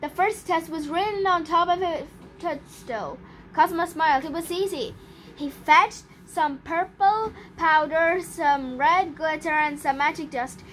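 Woman reading a kids' storybook, very high voice, slow unhurried pace, expressive. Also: slight background noise. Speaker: storybook reader. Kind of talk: reading a children's picture book aloud.

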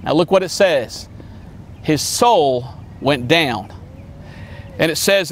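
High-voiced evangelist man preaching. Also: animated, takes it slowly, pauses often, a little hiss or hum. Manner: emphatic, swings between high exclamations and low drops. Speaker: missionary evangelist. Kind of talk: sermon.

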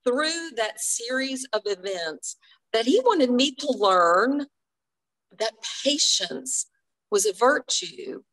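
A woman guest author telling a personal faith story in an interview, earnest and quick to laugh. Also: medium pitch, fairly bright tone, poor audio.

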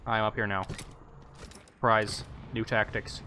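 A man streaming a game and commenting live in a chatty, self-mocking way with excitable outbursts. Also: fairly low pitch, a little slow, a little hiss or hum. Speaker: gamer streaming his play. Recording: stream mic with game music behind.

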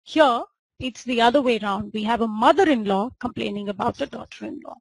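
A woman with a high, husky voice gives a homeopathy lecture. She walks through a patient case like a story, voicing the dialogue along the way. The sound is close and dry. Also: fairly quick, no room sound, low-quality recording. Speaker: homeopathy teacher. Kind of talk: teaching lecture retelling a case.

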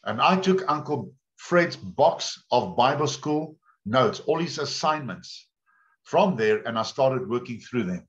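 A man's voice: mid-range voice, animated, unhurried. A male pastor preaching a sermon, telling stories in a chatty way and often repeating words. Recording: dull lo-fi sound.

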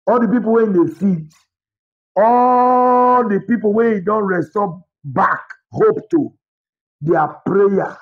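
Nigerian man, pastor, high voice, shouting rebuke, repetitive, dull lo-fi audio. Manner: shouting, repetitive, mixes Pidgin and English. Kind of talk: fiery rebuke sermon to camera.

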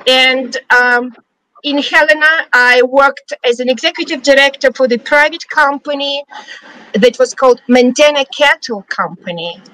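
A woman's voice: sits high, moderate pace, sharp tone, poor audio. A middle-aged woman from Siberia with a Russian accent, a guest chatting freely about her life, often restarting sentences and laughing lightly. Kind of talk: casual storytelling interview. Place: studio.

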